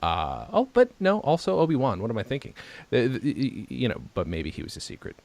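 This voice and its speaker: A man's voice: mid-range voice, wildly swooping pitch, quick pace, vocal fry, a little mellow, dry recording. A man hosting a podcast, chatting eagerly, laughing often and adding enthusiastic asides. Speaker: podcast host. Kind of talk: casual chat.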